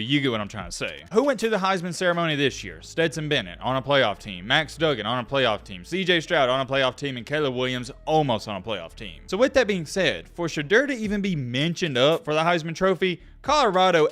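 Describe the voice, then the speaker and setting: Animated man giving sports takes. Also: medium pitch. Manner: emphatic, direct, addresses viewers. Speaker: sports YouTuber. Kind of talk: opinionated sports commentary vlog.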